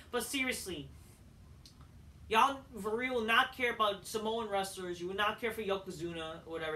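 A man's voice: high voice, bright, forceful tone, recorded from a distance, a little hiss or hum. A man reviewing a wrestling show in a heated, profanity-laden rant.

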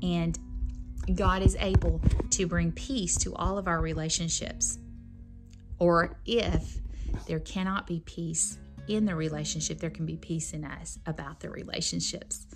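A woman with a fairly low voice leads a Bible lesson, sincere and encouraging. Music plays clearly behind her. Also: fairly even intonation, measured pace. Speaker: Bible class teacher.

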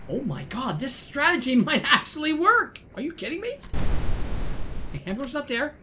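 A woman host giving excited let's-play commentary, laughing often and talking to the game characters. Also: high voice, normal speed, a little hiss or hum. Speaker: gaming channel host.

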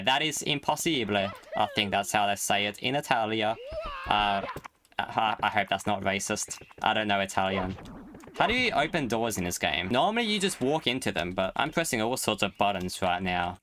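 Game music plays behind a young man's mid-range voice, which carries a little hiss or hum. He's a gaming YouTuber delivering jokey, excitable live commentary, addressing the game itself as well as his viewers.

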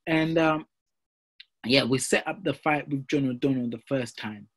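Man, husky voice, boxer being interviewed, animated storyteller, lots of fillers. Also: mid-range voice, a little slow. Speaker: professional boxer, interview guest.

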